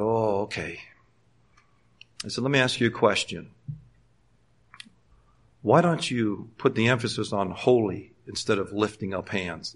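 This sermon comes from a middle-aged man with a fairly low voice who shifts from quiet, chatty storytelling to loud, impassioned exhortation.

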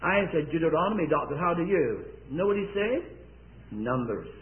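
A man's voice: fairly high pitch, a little fast, narrow, tinny audio. A man preaching a sermon to a congregation in an earnest way, often asking them questions. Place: church service.

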